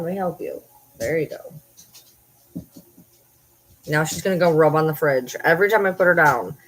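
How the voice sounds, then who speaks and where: A woman's voice: low-pitched, a little hiss or hum, poor audio. A woman at home chatting casually, often cooing baby talk to her pets.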